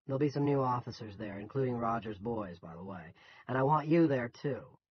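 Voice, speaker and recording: A man's voice: mid-range voice, lively intonation, a little fast, muffled recording, slight background noise, lightly acted. A man voicing a blustering middle-aged male town boss who gives commanding, scoffing, folksy orders. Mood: bossy.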